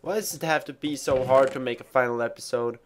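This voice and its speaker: A man's voice: medium pitch, fairly quick, noisy background. A man giving casual let's play commentary while he plays, rambling and mocking himself with stumbling restarts. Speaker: gamer.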